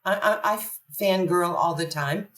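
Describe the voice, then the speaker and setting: An older woman, a podcast guest, telling long stories in an animated, long-winded way. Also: fairly low pitch, normal speed. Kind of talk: conversational storytelling. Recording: echoey room, distant from the mic.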